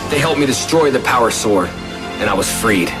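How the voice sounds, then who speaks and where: An actor playing an earnest young hero narrating. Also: male voice, mid-range voice, expressive, fairly quick, natural voice. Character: young male hero recounting his past, earnest. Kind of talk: scripted TV narration over music. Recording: loud music behind voice.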